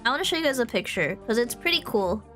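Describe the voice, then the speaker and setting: A woman's voice: on the high side, sing-song, quick pace, a bit bright, soft background music. A young woman from Texas, a streamer, chatting casually and rambling with lots of fillers. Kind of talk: casual chat.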